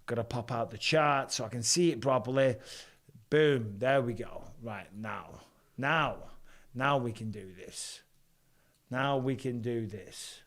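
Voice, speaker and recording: A man's voice: medium pitch, slow, a bit bright. A middle-aged man from Lancashire talks loosely through a live fight-reaction stream, with a strong Lancashire accent. He rambles, swears freely and keeps up a chatty patter. His voice sits in an ordinary middle register. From Lancashire, England. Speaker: host, former fighter. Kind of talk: casual live-stream commentary.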